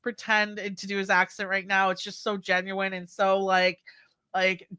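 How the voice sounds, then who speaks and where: Woman, bright clear voice, casual podcast chat, animated storytelling, lots of fillers. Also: medium pitch, moderate pace. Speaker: guest co-host.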